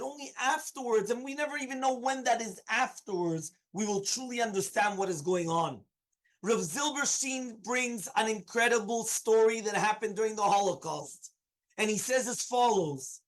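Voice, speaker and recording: A man's voice: extremely high pitch, a bit bright, low-quality recording. A man, a rabbi, giving a Torah lesson and telling a story in an earnest, repetitive way.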